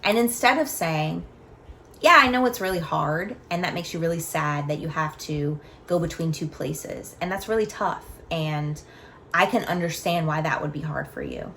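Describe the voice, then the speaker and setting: A woman's voice: low voice, moderate pace, bright, forceful tone, slight background noise. A woman in her thirties or forties hosting a solo podcast, talking candidly and earnestly through personal stories. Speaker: podcast host. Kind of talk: reflective solo talk on self-acceptance.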